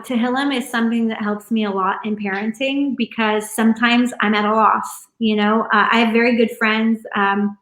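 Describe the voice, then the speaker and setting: A woman's voice: medium pitch, fairly bright tone, roomy sound. A middle-aged woman talking earnestly in an interview, rambling with many fillers from her home. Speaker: interview guest. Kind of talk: casual conversational interview. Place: room at home.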